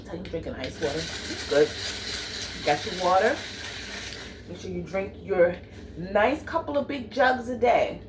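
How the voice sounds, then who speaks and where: A woman's voice: lowish voice, a little slow, pauses often, noisy background. A woman book vlogger in casual, chatty talk with sassy asides, at home. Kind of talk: casual chat.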